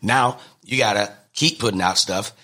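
A man, a comedian, telling animated stories in an interview, acting out the people he quotes. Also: lowish voice, moderate pace. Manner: lively, acts out quotes in different voices. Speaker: comedian and guest.

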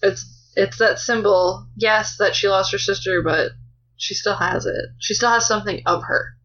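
A woman joining as guest co-host on a casual book podcast, agreeable and animated in her reactions. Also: medium pitch, normal speed, dull audio.

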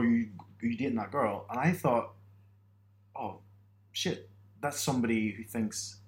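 A man from Northern Ireland in a casual podcast chat, telling stories with self-mocking humour and frequent laughs. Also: on the low side.

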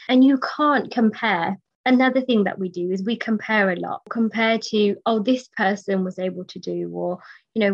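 A British woman hosting a podcast, speaking thoughtfully and with measured pauses and fillers. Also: on the high side. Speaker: podcast host. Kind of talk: podcast conversation. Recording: dull lo-fi audio.

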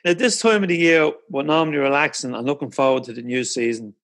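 A man's voice: mid-range voice, fast talker, a bit bright. A man hosting an interview, asking questions with enthusiasm and frequent restarts. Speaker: podcast host. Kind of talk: casual interview.

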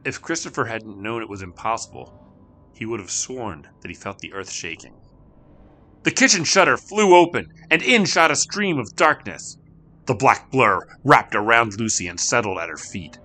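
A man's voice: medium pitch, animated, moderate pace, pushed and bright, faint music behind. A man narrating a scripted horror story, acting out each character.

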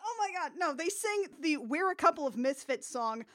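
Lively high-voiced woman riffing wryly. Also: normal speed. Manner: wry, sarcastic, lively retelling. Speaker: podcast co-host. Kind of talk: casual movie review chat.

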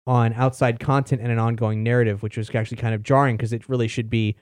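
A man's voice: mid-range voice, little pitch movement, quick pace, a little mellow, dry recording. A man hosting a podcast, talking in a rambling, chatty way and casually swearing. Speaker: podcast host. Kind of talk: casual chat.

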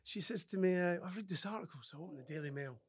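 A man, a former sportsman, talks as a podcast guest, and his speaking voice sits a little high for a man. His tone is casual and animated, and he slips into other people's voices as he tells his stories. His sentences stop and restart around frequent fillers. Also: rapid-fire, husky. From Scotland. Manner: animated storyteller who acts out other people's lines. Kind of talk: casual interview storytelling.

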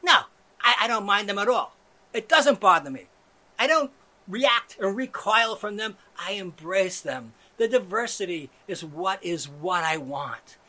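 Bright, lively-pitched man hosting a comedy rant. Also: measured pace. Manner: ironic, swings between hushed calm and sudden yelling. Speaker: show host. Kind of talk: satirical comedy monologue.

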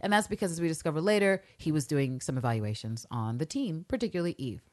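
A woman with a notably low voice co-hosts a casual podcast recap. She talks in a loose, animated way, swears freely and slips into quick impressions of the characters. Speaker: podcast co-host.

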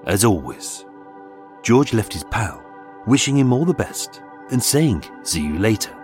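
A man narrating a scripted true-crime story in a measured, dramatic way, with suspenseful pauses. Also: medium pitch, very animated, darkish tone. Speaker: podcast host and narrator. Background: faint background music.

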